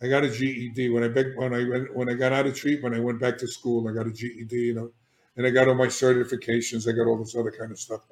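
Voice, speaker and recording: Speaking quickly as a guest, this older addiction therapist shares his own history with candid, forceful energy, his pitch ordinary and mid-range. He keeps restarting his sentences and pausing for "all right?" check-ins, animated throughout. His voice rings in an echoey room.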